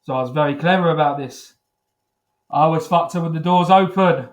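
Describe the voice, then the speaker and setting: A man's voice: a little high, a little fast. A man doing a crude, rambling stand-up routine on a comedy club stage, talking into a handheld mic. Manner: crude, rambling, heavy on filler phrases. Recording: echoey club room.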